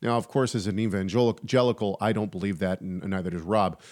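A man co-hosting a casual faith podcast, talking in an animated, chatty way with frequent restarts and asides. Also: fairly low pitch, brisk. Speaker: podcast co-host.

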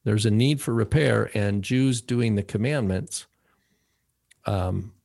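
A man's voice: on the low side, slow pace, vocal fry, a little mellow. A man co-hosting a theology podcast, explaining religious history in a casual, rambling way, often tagging on "right?". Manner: explanatory, trailing phrases with "right?". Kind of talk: casual chat about theology.

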